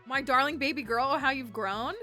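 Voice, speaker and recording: Soft, affectionate spirit of a mother, woman reading, over loud game music. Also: high-pitched, brisk. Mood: loving. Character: loving ghost mother, gentle and warm.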